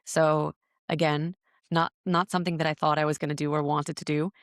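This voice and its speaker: This podcast guest, a breathwork teacher, speaks a little fast in a deep, clean-toned voice with little pitch movement. She tells her story earnestly, searching and repeating words as she thinks, in a reflective interview. The studio recording is dry and clean.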